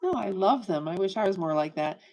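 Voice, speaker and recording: A woman's voice: mid-range voice, expressive, a little fast, dark tone, rough recording. A woman in her fifties chatting on a livestream, rambling and joking as she talks straight to her viewers. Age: 50s. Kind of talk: casual livestream chat.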